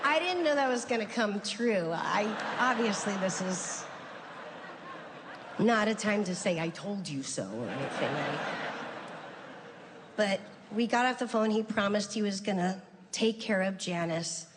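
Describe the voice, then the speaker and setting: A woman's voice: mid-range voice, expressive, unhurried, noisy background. A middle-aged woman doing stand-up, telling a family story in a loose, conversational way and acting out relatives' voices. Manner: conversational, lots of "like" and restarts, acts out family members' voices. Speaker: stand-up comedian. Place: comedy stage in a large venue. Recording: reverberant hall with faint ambience.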